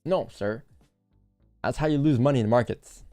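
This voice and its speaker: A man's voice: mid-range voice, moderate pace, mellow, soft background music. A young man hosting a live trading stream, chatting casually and directly to his viewers in a laid-back way. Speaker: livestream trading host. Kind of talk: casual livestream chat.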